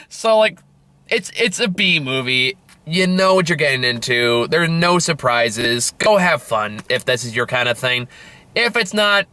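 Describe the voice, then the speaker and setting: Young male movie reviewer, slightly high and bright, dry close sound, loose rambling delivery with lots of "uh"s and swearing. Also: dry recording. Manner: rambling, frequent fillers and self-corrections, swears casually. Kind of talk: casual spoken movie review.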